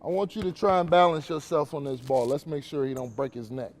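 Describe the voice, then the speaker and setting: Guy with a high voice coaching kids at basketball camp, slangy and preachy, big echo. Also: steady tone, brisk. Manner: casual slangy preaching, asks the kids questions. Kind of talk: motivational talk to young players.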